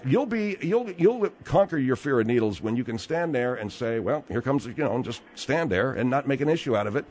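A man's voice: medium pitch, a little mellow, slight background noise. A man hosting a radio talk show from the studio, probing and needling a caller.

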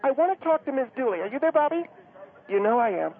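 A man's voice: big pitch swings, fast talker, heavily acted. A man voicing a gushing, nosy woman calling in to a radio show. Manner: gushing, breathless, shrill. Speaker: caller. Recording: tinny phone-line radio sound.

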